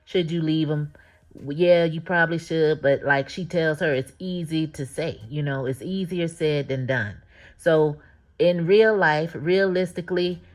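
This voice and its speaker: A woman hosting a casual recap of a TV episode, animated and slangy, often breaking into laughter. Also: low voice. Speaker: TV show recap host.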